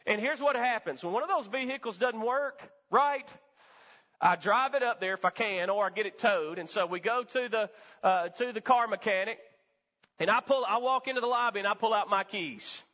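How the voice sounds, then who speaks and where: A man's voice: high voice, moderate pace, pushed and bright. A male pastor preaching a sermon in a church, with emphatic call-and-response delivery. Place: church sanctuary. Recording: reverberant hall, dull lo-fi sound.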